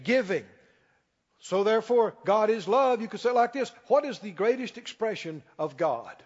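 A man preaching a sermon as pastor, emphatic, slowing down and rising on key lines. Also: sits high, lively intonation. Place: church sanctuary. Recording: dull sound with long hall reverb.

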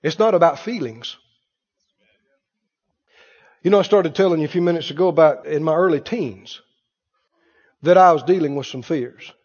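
A man's voice: a little high, moderate pace, pauses often, a little mellow, in a large hall, lo-fi sound. A man preaching a sermon, emphatic and repetitive, often mimicking other people's voices. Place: church.

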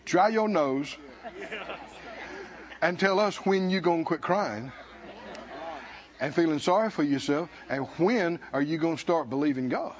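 A male preacher delivering a sermon in a high voice, speaking slowly and deliberately. His delivery is emphatic, with bursts of shouting and calls to the congregation. The recording sounds dull and lo-fi. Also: lively intonation, some chatter behind. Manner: emphatic, shouting at peaks, laughing, call-and-response.

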